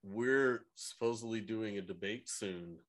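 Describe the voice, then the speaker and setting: An excitable man from Texas in casual podcast chat. He laughs often and swears freely. His voice sits at an ordinary pitch. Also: measured pace.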